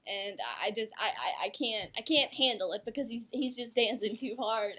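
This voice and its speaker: A young woman with a high, bright voice co-hosts a casual talk segment. She gushes and giggles, leaning on "like" as she chats. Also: animated, brisk. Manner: giggly, gushing, lots of "like". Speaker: co-host. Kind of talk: casual chat.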